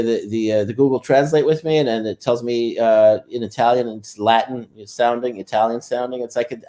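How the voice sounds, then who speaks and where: Male guest, casual talk, halting delivery, warm dark tone. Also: medium pitch. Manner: halting, many fillers and restarts. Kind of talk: casual chat.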